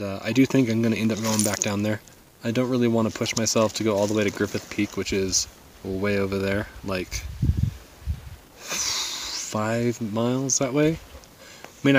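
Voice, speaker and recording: A man's voice: on the low side, a little hiss or hum, poor audio. A man filming himself while hiking on a mountain, talking casually, thinking aloud and swearing now and then, at times out of breath. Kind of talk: casual vlog narration. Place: outdoors on a high mountain.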